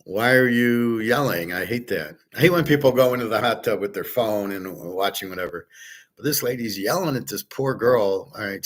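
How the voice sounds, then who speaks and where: Rambling low-voiced man telling a story. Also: fairly bright tone. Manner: rambling storyteller, restarts, acts out quoted voices. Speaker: host. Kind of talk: casual monologue.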